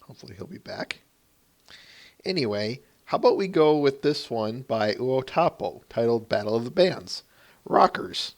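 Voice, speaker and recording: A man hosting a podcast in casual chat, relaxed and steering the conversation. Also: mid-range voice, moderate pace. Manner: relaxed, laughs easily, steers the talk. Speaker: podcast host.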